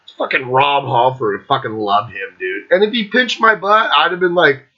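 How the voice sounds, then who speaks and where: A man's voice: medium pitch, sing-song, moderate pace. A man hosting his own show, talking in a loose, rambling, casual way with constant swearing and fillers. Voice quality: heavy swearing, loose filler-laden talk. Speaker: host. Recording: lo-fi dull recording.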